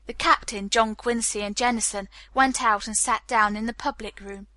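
Bright-voiced woman narrating a novel. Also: fairly high pitch, steady tone, moderate pace, no echo. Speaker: audiobook narrator. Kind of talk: scripted narration.

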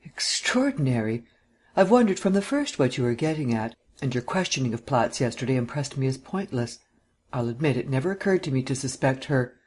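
A man's voice: medium pitch, sing-song, brisk, a little mellow, breathy edge. A man voicing a stern male district attorney who speaks coldly and indignantly. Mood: puzzled. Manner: cold, clipped and indignant.

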